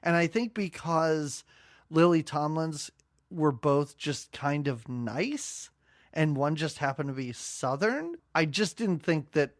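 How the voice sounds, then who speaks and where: A man's voice: on the high side, lively intonation, slow, no room sound, clean studio sound. A man co-hosting a movie podcast in casual, rambling chat, often breaking off and restarting mid-thought. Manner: rambling, self-interrupting. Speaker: podcast co-host.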